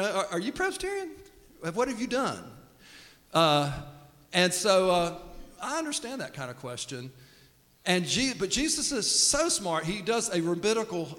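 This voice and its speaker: In a church sanctuary thick with long reverb, a male pastor with a high-pitched, slightly bright voice gives a laid-back, funny sermon in a conversational style. He performs the voices of whoever he's quoting.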